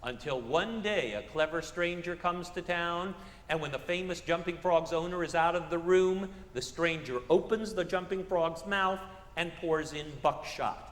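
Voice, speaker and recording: A man's voice: fairly high pitch, moderate pace, fairly bright tone, roomy sound, long reverb tail. A man giving a public literature lecture on a theater stage, asking rhetorical questions and tossing in comic asides.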